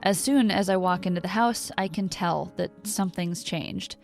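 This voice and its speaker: A woman reading a first-person story in a steady, intimate narration. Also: on the low side, normal speed, gravelly, faint music behind.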